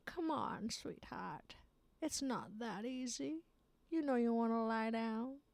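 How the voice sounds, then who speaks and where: Woman playing sneaky wilderness villain, high sing-song teasing voice, creaky and dry. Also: lively intonation, slow, a little mellow, no room sound, full character voice. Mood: coaxing. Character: the wild land as a sly, coaxing villain.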